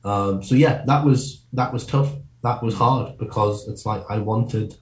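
A man talking as a comedian guest in a casual interview, quick and rambling, often breaking off and restarting his sentences. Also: medium pitch, reverberant.

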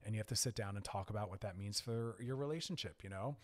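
A man's voice: fairly low pitch, quick pace. A man hosting a radio advice show, speaking directly and earnestly as he coaches listeners in a conversational way. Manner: conversational with frequent "like" and "I don't know". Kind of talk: frank advice talk on air.

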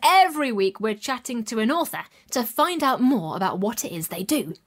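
A woman's voice: on the high side, very animated, moderate pace. Upbeat woman podcast presenter. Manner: upbeat, direct to listeners. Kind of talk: scripted presenting.

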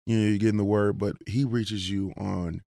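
A man's voice: on the low side, steady tone, normal speed, vocal fry, dark tone, no echo, clean studio sound. A man, a football coach, speaking earnestly and enthusiastically as a guest in a casual radio interview.

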